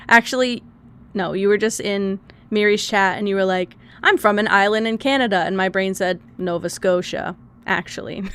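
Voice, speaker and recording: A woman's voice: mid-range voice, fairly bright tone, clear, resonant tone. A woman streamer in casual chat, rambling and talkative, often swearing and laughing as she goes.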